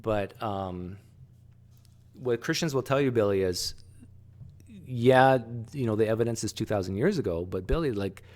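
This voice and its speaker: A man hosting a casual discussion, animated and halting, often restarting sentences. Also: fairly low pitch. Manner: animated, rises sharply when pressing a point; halting, frequent restarts and fillers. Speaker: host.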